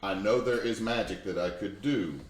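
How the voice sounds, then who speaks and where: A man's voice: fairly low pitch, moderate pace. A man playing a tabletop game, thinking his moves through aloud with hesitations. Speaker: player. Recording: echoey room with faint noise.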